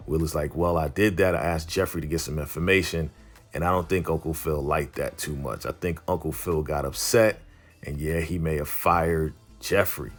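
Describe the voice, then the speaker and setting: A man's voice: extremely low pitch, fairly even intonation, normal speed. A man casually recapping a TV episode, retelling scenes in a loose, chatty way full of "you know" and "like". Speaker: recap show host.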